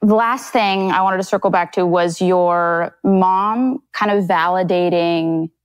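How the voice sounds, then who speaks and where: A woman's voice: fairly low pitch, steady tone, a little slow, no room sound. A woman hosting a podcast interview, affirming her guest and asking reflective questions. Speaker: podcast host.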